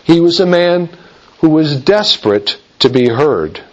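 A man preaching a sermon in an earnest, measured way, slowing down to stress quoted verses. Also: fairly high pitch, expressive. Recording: dull lo-fi recording.

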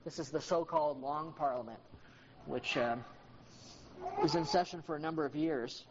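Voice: mid-range voice, normal speed, noisy background. Lecturer with ums, dull lo-fi recording. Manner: conversational, frequent ums and uhs, addresses class members by name. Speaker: history teacher. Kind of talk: informal classroom lecture.

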